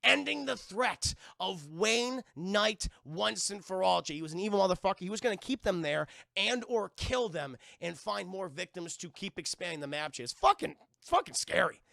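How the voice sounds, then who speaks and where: A man recapping a cartoon episode for a live-stream chat, talking in an energetic, profane, and animated way. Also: sits high, moderate pace, vocal fry, hardly any pauses, no echo, studio quality. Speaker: livestream cartoon reviewer.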